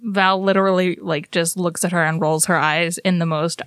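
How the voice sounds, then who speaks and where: A woman's voice: on the low side, level tone, normal speed, clean tone, no room sound, studio quality. A woman player in a tabletop game, describing her character's actions casually.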